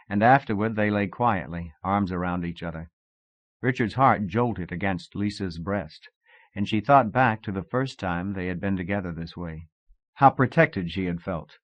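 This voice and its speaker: Low-voiced male audiobook narrator. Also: dry recording. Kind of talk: scripted narration. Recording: dull lo-fi cassette audiobook.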